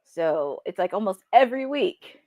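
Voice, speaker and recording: Lively, chatty woman host. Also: mid-range voice, moderate pace, dry recording, studio quality. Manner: chatty, excitable, laughs often. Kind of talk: live wrestling watch-along commentary.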